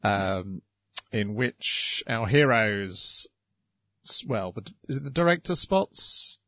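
A man's voice: on the low side, animated, slow pace, a bit bright, dry recording. Dry-voiced man explaining an episode. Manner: explanatory, looks up details. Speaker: podcast co-host. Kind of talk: casual chat reviewing anime.

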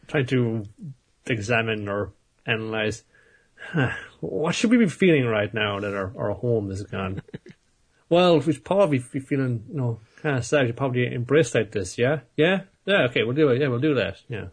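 A man with a husky, slightly rough voice recaps cartoon episodes with friends. He laughs often and breaks into goofy impressions of the characters while telling the story. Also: mid-range voice, expressive, moderate pace. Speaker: podcast co-host. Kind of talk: casual anime recap chat.

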